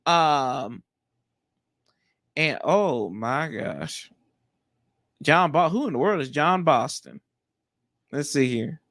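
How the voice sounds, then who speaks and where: A man with a high, bright voice hosts a casual live chat. His pitch swings widely as he reacts, and he talks in loose, slangy bursts. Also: takes it slowly, long pauses. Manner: animated, slangy, jumps pitch often. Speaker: livestream host.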